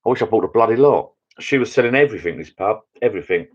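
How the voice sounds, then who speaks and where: Chatty low-voiced man rambling. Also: quick pace. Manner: chatty, rambling, easily excited. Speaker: channel host. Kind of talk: casual live chat with viewers. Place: backyard pub shed. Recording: dull lo-fi sound.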